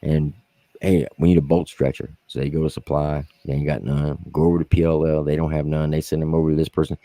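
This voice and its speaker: A man and army veteran co-hosting a podcast, telling profane war stories in a casual, animated way and acting out what others said. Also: fast, dry recording. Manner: animated, profane, acts out quotes in high voices. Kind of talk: casual storytelling among veterans.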